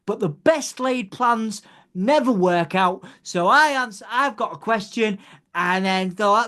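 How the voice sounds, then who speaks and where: A music journalist with a high-sitting voice joins a casual interview chat as a guest, and he talks in an excitable, rambling, meandering way.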